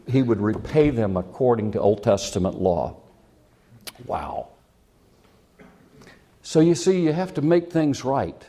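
A man's voice: medium pitch, warm tone. A man preaching a sermon, telling a personal story in a chatty, self-mocking way and chuckling at his own jokes.

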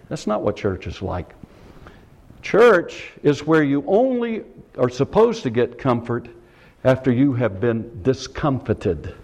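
A man delivers a sermon in an impassioned style. His voice sits high and leaps up and down across a wide range. He fires rhetorical questions and swings between shouts and hushed lines. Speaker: preacher.

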